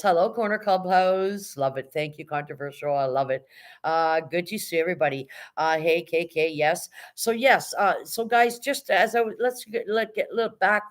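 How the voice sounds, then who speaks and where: Blunt no-nonsense streaming woman. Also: lowish voice. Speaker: live streamer greeting chat. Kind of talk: casual livestream chat.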